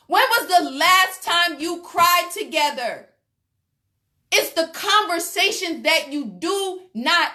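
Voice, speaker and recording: A woman's voice: extremely high pitch, sharp tone. A woman giving a motivational relationship talk, emphatic and preacherly, speaking straight to her listeners.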